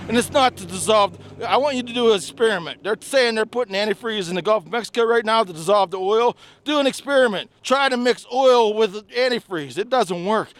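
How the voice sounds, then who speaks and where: A middle-aged man vlogging outdoors on a trail, delivering an angry, rambling political rant to camera that rises into shouting. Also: high-pitched. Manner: ranting, shouting, rambling and repetitive.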